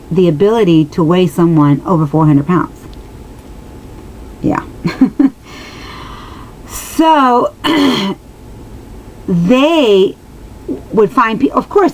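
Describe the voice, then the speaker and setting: Low-voiced woman telling a rambling personal story. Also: darkish tone, poor audio. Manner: rambling, with many restarts and asides to viewers; earnest and emotional. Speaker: vlogger answering viewers.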